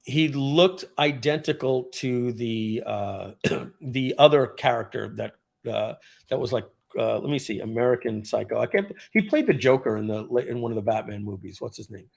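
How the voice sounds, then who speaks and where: A man, a former car dealership general manager, telling a casual story on a live video, clearing his throat often and drifting into rambling asides. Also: medium pitch, expressive, normal speed, darkish tone.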